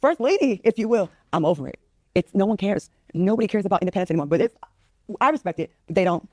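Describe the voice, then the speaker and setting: A woman's voice: mid-range voice, expressive, quick pace, mellow, no echo, studio quality. A woman in her fifties from the United States, venting with exasperated emphasis as a guest on a talk show. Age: 50s.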